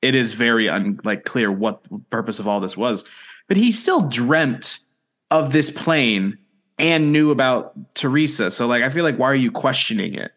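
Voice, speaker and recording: A young man co-hosting a podcast in casual chat. He teases with a wry tone and walks through plot points in a steady, recapping way. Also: medium pitch, moderate pace. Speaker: podcast co-host.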